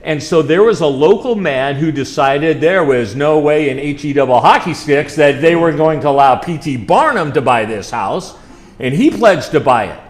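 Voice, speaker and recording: A man's voice: fairly high pitch, lively intonation, normal speed. A middle-aged man from the United States, chatting folksily through a slideshow as a chaplain, with fillers and asides to the audience. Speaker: chaplain presenting a trip. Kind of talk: casual slideshow talk.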